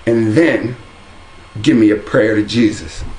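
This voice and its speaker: A man's voice: lowish voice, measured pace, a little mellow, slight background noise, poor audio. Heated, rambling man, faint room ambience. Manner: heated, rambling, many restarts and repetitions. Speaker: religious video commentator. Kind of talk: casual monologue to camera. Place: at home, indoors.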